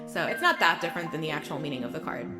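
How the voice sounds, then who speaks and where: A woman's voice: low-pitched, very fast, echoey room, music in the background. A woman game master plainly explaining a tabletop game prompt.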